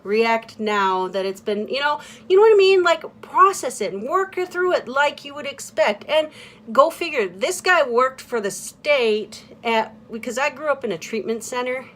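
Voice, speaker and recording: Candid, halting woman vlogger. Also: high voice, lively intonation, fairly bright tone. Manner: candid and halting, with many fillers and restarts. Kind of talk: casual confessional monologue.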